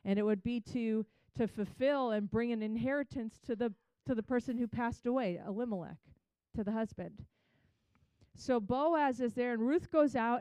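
A woman's voice: a little high, a little mellow, clean tone, no echo. A woman giving a chatty, conversational Bible teaching, retelling scripture in her own words.

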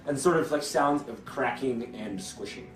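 A man's voice: mid-range voice, background noise. A young man narrating a tabletop game as game master, stumbling over restarts and fillers. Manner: halting, many restarts and fillers. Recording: echoey room with faint music.

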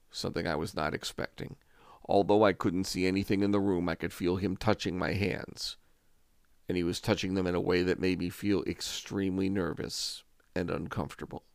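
A man in his forties recounts a personal story in a deep, low register, frank and now and then wry. His voice carries a gravelly fry. The sound is dry and close, with no room around it. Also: no echo. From Albany, New York. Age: 40s. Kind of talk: first-person true-story narration.

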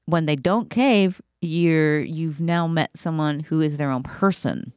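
A woman with a low, smooth, resonant voice joins a casual podcast chat. She backs up the host with short affirmations and measured insights, and her dry, close sound sits right at the mic. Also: a little mellow, no echo.

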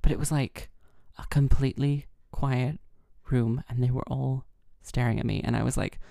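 A woman hosting a casual solo podcast, chatty and self-mocking, rambling with lots of fillers and a heavy vocal fry. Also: extremely low pitch, fairly even intonation, normal speed, few pauses, mellow, no room sound, studio quality. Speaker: harpist and podcast host.

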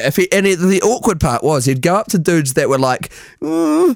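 A man's voice: on the high side, sing-song, brisk, vocal fry, hardly any pauses, no echo, clean studio sound. A man in his thirties with a New Zealand accent, co-hosting a casual podcast and telling a story with laughs and loose swearing. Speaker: podcast co-host. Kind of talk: casual chat.

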